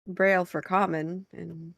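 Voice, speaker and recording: A woman's voice: lowish voice, level tone, measured pace, gravelly, a bit bright, no room sound, clean studio sound. A woman playing her character in a tabletop role-play game, chatty and giggly, often trailing off mid-thought.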